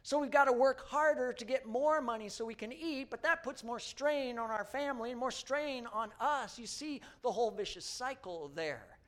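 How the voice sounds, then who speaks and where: A man's voice: very high voice, moderate pace, few pauses, fairly bright tone. A male pastor preaching a sermon, telling a story and repeating each point in a second language. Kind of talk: bilingual sermon.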